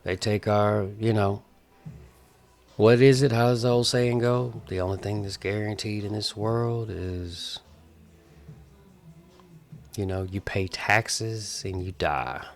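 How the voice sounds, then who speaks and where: A man's voice: on the low side, fairly even intonation, takes it slowly, pauses often, soft background music. A man in his forties talking casually to camera in an emphatic, repetitive, preachy way. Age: 40s. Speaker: vlogger.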